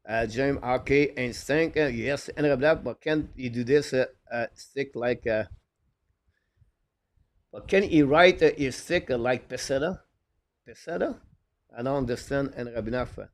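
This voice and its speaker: A man hosting a live hockey stream, reading viewer comments in broken English with constant "uh" fillers. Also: mid-range voice. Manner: halting, full of "uh" fillers; broken, non-native English phrasing. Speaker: live show host.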